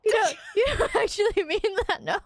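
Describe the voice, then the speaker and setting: A woman's voice: very high voice, normal speed, no room sound. A young woman hosting a game stream in casual chat, teasing and giggly, often restarting her sentences. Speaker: streamer host.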